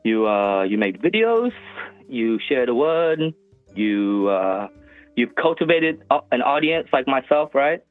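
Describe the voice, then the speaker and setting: A man's voice: mid-range voice, sing-song, dry recording, soft background music. Stammering male caller on a tinny phone line. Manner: halting, stammering restarts. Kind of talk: phone-in chat.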